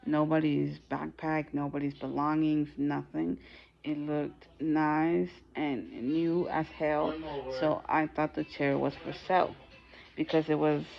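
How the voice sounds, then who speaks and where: Gravelly low-voiced woman telling a story. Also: dull audio. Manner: rambling with frequent fillers and restarts. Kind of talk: casual storytime vlog.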